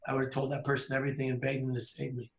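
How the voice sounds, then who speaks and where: Guy in his thirties telling his own story real earnest, pretty even flat tone, bit of roomy echo. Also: mid-range voice, slight background noise. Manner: earnest, measured storytelling with pauses. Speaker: public speaker. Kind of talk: personal story told on camera. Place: outdoors by a bridge.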